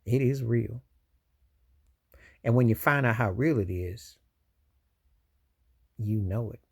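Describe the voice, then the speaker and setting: A man's voice: lowish voice, a little slow, breathy edge. A man giving casual, emphatic commentary on a video channel, rambling and preachy at times. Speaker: YouTube commentator.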